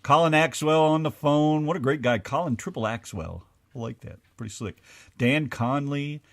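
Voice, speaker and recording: A man's voice: fairly high pitch, normal speed, fairly bright tone. A man hosting a casual internet radio show, bantering playfully with his co-host and listeners. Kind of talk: casual live chat show.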